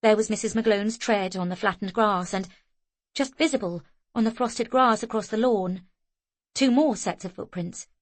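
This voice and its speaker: A woman's voice: medium pitch, normal speed, no room sound. Woman narrating an audiobook. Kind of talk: scripted narration.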